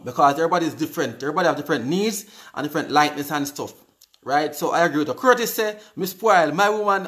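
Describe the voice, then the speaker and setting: Reading out viewer comments and replying in a chatty, upbeat way, this live show host repeats words often. He's a Jamaican man in his forties with a high, bright, forceful voice.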